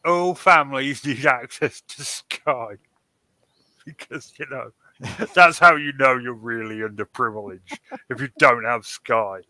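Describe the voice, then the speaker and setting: Man, slow speech, bright tone, dry sound, sarcastic. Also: mid-range voice, no room sound. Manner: sarcastic, laughs through jokes. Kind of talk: casual chat.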